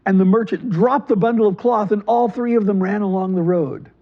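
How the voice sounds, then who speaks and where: A man telling a folk tale to children in a lively, animated storytelling manner, slipping into quick character voices. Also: sits high, muffled recording. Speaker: library storyteller.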